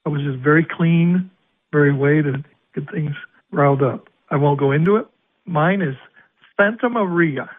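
A man's voice: on the high side, normal speed. An older man from Arizona, a racetrack announcer, telling stories in an interview and acting out the dialogue. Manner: animated storyteller acting out quoted dialogue. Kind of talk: storytelling interview. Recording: phone-like radio line.

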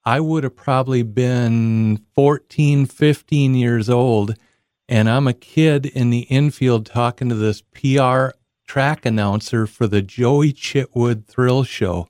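A man from Minnesota hosts the interview and reminisces at an unhurried pace. His voice sits at a middle pitch. The sound is close and dry, with no room around it. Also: a little mellow, no echo.

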